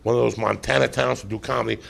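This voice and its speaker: Man, host, very gravelly voice, profane storyteller, animated, live podcast. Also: medium pitch, quick pace. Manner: animated, swearing, laughing as he tells.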